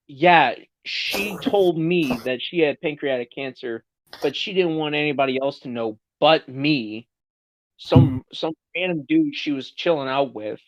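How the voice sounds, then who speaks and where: A man hosting a podcast, casually retelling a story with plenty of swearing. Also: medium pitch. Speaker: podcast host. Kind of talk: casual chat. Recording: dull lo-fi sound.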